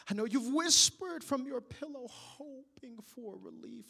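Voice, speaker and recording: A preacher giving a sermon in rhythmic repeated phrases punctuated by "huh," swinging between shouted peaks and hushed near-whispers. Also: mid-range voice, measured pace, vocal fry, hardly any pauses, slightly rough, big-room sound.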